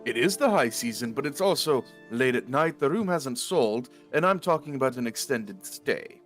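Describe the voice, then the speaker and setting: A man's voice: mid-range voice, animated, normal speed, a bit bright. A man playing a tabletop role-play game, bargaining in a wry, talkative manner. His voice moves expressively up and down, with faint music behind him. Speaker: player.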